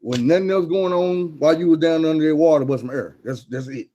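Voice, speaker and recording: A man voicing a calm male mentor who teaches a hard life lesson in a steady, preaching way. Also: a little high, brisk, highs cut off, a little hiss or hum, pitched above the performer's own voice, natural voice. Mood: calm, instructive.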